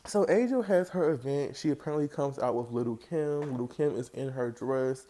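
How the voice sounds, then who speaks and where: A man giving a casual, animated recap of a reality TV episode, jumping into high voices to act out what the cast said. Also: normal speed. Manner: animated, acts out quoted lines in raised voice. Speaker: reality TV reviewer.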